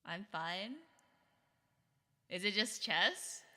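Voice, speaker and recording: Woman streamer, very bright voice, giggly chat, long reverb. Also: medium pitch, drawn-out words. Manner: chatty, giggly, reads chat aloud. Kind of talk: casual live-stream chat.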